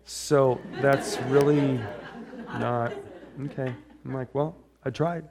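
A man's voice: mid-range voice, fairly even intonation, slow pace, crowd noise. A middle-aged man preaching a casual, conversational sermon, wandering into personal stories and often checking in with "right?". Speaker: pastor.

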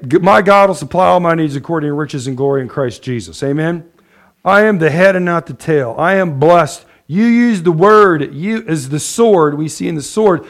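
Male pastor, slightly high voice, lively sermon delivery with frequent laughter. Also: creaky. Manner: lively, laughs often, loud bursts of praise.

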